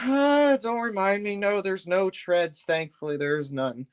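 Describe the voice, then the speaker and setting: A man's voice: high voice, takes it slowly, smooth. A man chatting casually on a live stream while building a brick set, rambling loosely and often trailing off mid-thought.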